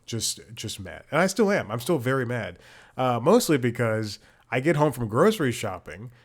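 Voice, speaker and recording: A man's voice: medium pitch, sing-song, normal speed. A man hosting a comedy podcast from his home, talking in a rambling, casual way with lots of restarts and exasperated swearing. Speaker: podcast host. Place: home room with bookshelves.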